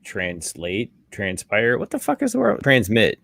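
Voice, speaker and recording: A man with a mid-pitched voice that swings widely up and down, cracking teasing jokes in a podcast chat. The sound is dry and close. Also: wildly swooping pitch, a little slow, vocal fry, fairly bright tone, no echo. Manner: wisecracking, teasing. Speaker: podcast co-host. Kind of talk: casual chat.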